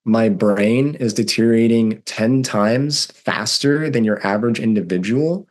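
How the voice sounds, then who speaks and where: A man in his thirties with a fairly low voice speaks as a guest. He tells his story candidly, in an earnest and emphatic way, leaning into the strong feelings he describes. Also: measured pace, a little mellow. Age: 30s.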